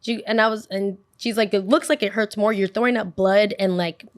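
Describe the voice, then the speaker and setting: A young woman hosting a podcast, telling a personal story in a lively, casual way and acting out what the people in it said. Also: medium pitch, fairly quick. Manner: animated, acts out what people said. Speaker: podcast host.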